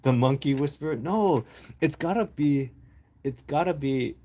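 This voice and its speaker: A man's voice: fairly high pitch, unhurried, warm tone. Guy chatting on a stream, rambly and loose, laughs a lot, just talking off the cuff. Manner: rambling, laughs often, brainstorms aloud. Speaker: livestream host. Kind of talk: casual livestream chat with viewers.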